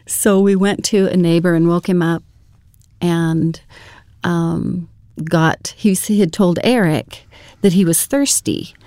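A woman's voice: lowish voice, takes it slowly, dark tone, dry recording, clean studio sound. A woman telling a personal story as a guest, chatty with many fillers and self-corrections.

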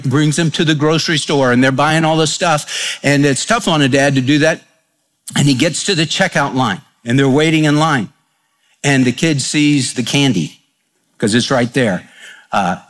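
Folksy preacher with a raised pitch. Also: male voice, normal speed, fairly bright tone. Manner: folksy storytelling with homespun humor; plain conversational preaching with fillers. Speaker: pastor. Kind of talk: radio sermon.

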